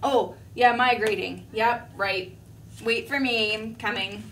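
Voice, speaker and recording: A woman's voice: a little high, fairly even intonation, takes it slowly, a bit bright. A woman voicing an impatient, fretful little male caterpillar who sighs and gives himself pep talks, heard from a distant mic. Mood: flustered. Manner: sighing, self-pep-talking, whiny. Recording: distant mic, faint room noise.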